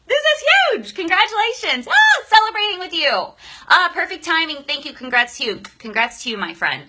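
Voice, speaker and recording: A woman's voice: on the high side, bright, forceful tone. A woman hosting a casual live stream, gushing and emotional, greeting viewers by name with a shaky voice.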